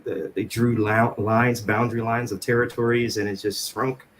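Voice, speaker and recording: Halting, mid-pitched man in conversation. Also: fairly even intonation, slight background noise. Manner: halting, restarts and repeats words. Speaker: panelist on Cherokee language. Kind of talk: casual panel conversation.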